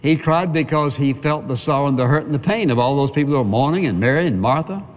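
A man's voice: fairly high pitch, lively intonation, quick pace, a little hiss or hum. A man preaching a sermon as pastor, earnest and conversational, piling up repeated phrases. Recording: long reverb of a big hall.

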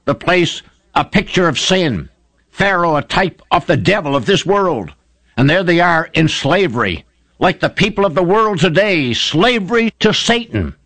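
A male preacher delivers a fervent sermon, his pitch swinging widely as he drives each point home. The voice sits a little high, and the recording is close and dry. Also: a bit bright, dry recording. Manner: fervent, emphatic storytelling with rising exclamations.

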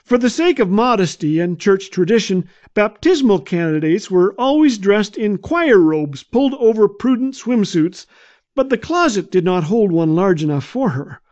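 A man with a high voice tells a gently comic anecdote in a humorous storytelling manner, the way a radio devotional speaker would. His recording sounds muffled and lo-fi. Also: big pitch swings, normal speed. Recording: dull lo-fi.

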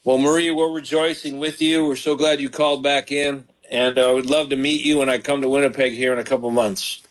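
A man's voice: medium pitch, flat delivery, a little fast, rough recording. A man, a pastor, hosting a live call-in show, fervent and encouraging as he prays with callers.

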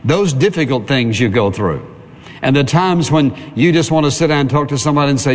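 A pastor giving an earnest sermon to a congregation and calling for amens. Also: male voice, mid-range voice, expressive, brisk. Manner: earnest preaching with call for amen. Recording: reverberant hall.

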